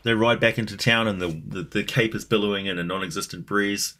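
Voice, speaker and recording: A man's voice: lowish voice, steady tone, fairly quick, bright, forceful tone. A man who makes videos, chatting casually in a rambling, thoughtful way full of fillers and restarts. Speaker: video creator. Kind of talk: casual chat.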